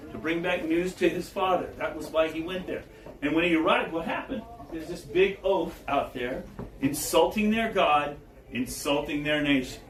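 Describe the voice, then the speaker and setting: Male guest speaker, animated storyteller, slightly high voice, distant mic. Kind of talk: storytelling public talk. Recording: echoey room, distant mic, faint background noise.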